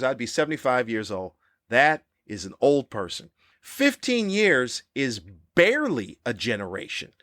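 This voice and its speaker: A man in his fifties hosting a podcast, delivering a cranky comedic monologue with animated, ranting jabs. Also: dry recording, studio quality. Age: 50s. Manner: animated, ranting, with sudden high-pitched jabs. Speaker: podcast host.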